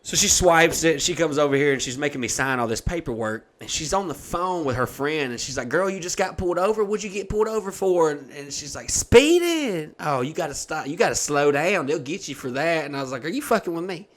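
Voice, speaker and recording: A young man on a podcast rattles through a long, profane comic story, animatedly impersonating the people he quotes in a casual way. He speaks fast on the high side, with hardly any pauses.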